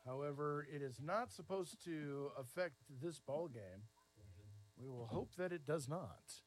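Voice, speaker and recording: Slightly high-voiced middle-aged man calling baseball. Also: measured pace. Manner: easygoing chatter between pitches, rising to lively excited calls on big plays. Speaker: play-by-play announcer. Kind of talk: baseball play-by-play commentary.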